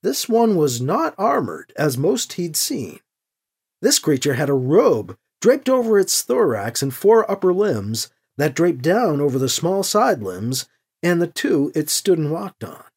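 Male author-host narrator, lively delivery, raspy gravel. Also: a little high, unhurried. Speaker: host and writer. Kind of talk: audiobook narration.

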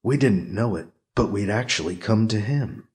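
A man narrating a science fiction audiobook in a dramatic, expressive reading. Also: on the low side, normal speed, husky, no echo, clean studio sound. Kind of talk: audiobook narration, acting out scenes.

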